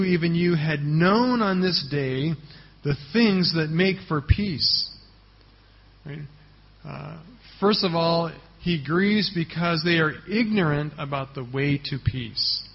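A man's voice: on the high side, breathy edge, dull audio. A man preaching a sermon as pastor, explaining a passage in an earnest teaching tone and often checking in with "right?".

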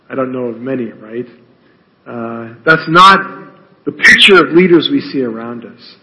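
A man teaching from the Bible in a conversational way, often checking in with "right?" and filling pauses with "uh". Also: mid-range voice, gravelly, sharp tone. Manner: checks in with "right?" tags and frequent "uh" fillers. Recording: long reverb of a large hall.

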